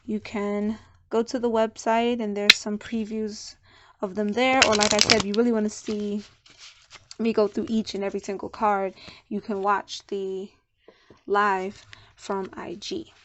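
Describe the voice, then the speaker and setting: A woman's voice: medium pitch, little pitch movement, a little slow, very noisy. A woman doing a casual oracle card reading and deck walkthrough, chatty and loose, with fillers and asides.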